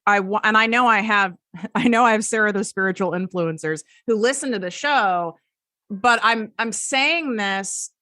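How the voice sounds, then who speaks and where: A woman hosting a casual podcast interview, chatty and quick to laugh. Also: mid-range voice, sharp tone, dry recording, clean studio sound. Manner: chatty, giggly. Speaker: podcast host.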